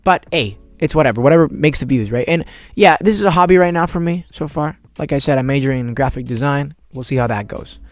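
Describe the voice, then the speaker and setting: Laid-back young man with a fairly high voice. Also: animated, fast talker, few pauses, dry recording. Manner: rambling, laid-back slang with cursing. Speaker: podcast host. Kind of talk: casual solo podcast talk.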